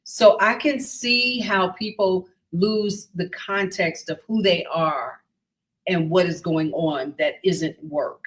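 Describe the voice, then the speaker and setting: Over a video call with poor audio, a woman with a lowish voice hosts a talk show at a slow pace. Her long, rambling questions in this casual interview chat are full of restarts and asides.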